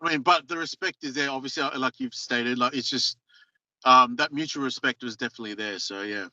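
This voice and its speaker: A man's voice: mid-range voice, a little fast, pushed and bright, no room sound. A man hosting an interview, reacting in a casual, hesitant way and repeating words. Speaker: host, interviewer. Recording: dull dry sound.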